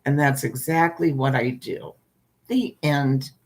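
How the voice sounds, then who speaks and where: A woman reading a short story aloud at bedtime in a calm, unhurried way, then saying good night to her listeners. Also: rumbling low.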